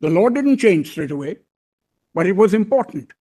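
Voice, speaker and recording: Speaking to a bench of judges, an Indian English–accented man makes his legal argument deliberately and deferentially, addressing them repeatedly. His fairly high voice is mellow yet very animated in this measured advocacy.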